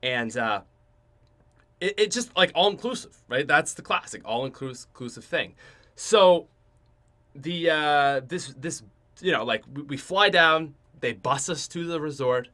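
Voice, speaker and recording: The voice is a little high and sharp, expressive, and kept to a measured pace. It belongs to a young Canadian man with a Canadian accent who hosts a podcast and tells a casual story rambling on with fillers and restarts.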